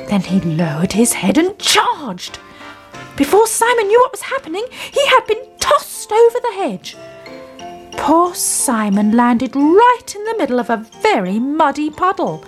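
A woman reading a children's story aloud in an expressive, sing-song storytelling manner. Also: fairly high pitch.

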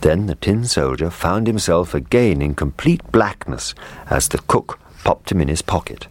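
Deep-voiced man reading a bedtime story. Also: lively intonation, moderate pace.

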